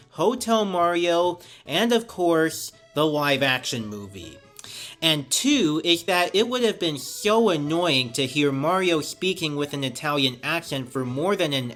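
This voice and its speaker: A man giving a scripted film review in an enthusiastic, animated way. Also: fairly high pitch.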